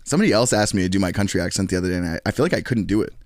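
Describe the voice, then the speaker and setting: A man's voice: low-pitched, expressive, very fast, darkish tone, no room sound, clean studio sound. Profane New York guy in his twenties. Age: 20s. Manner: loose, profane, rambling with frequent laughs. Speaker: streamer. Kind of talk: casual chat with stream chat.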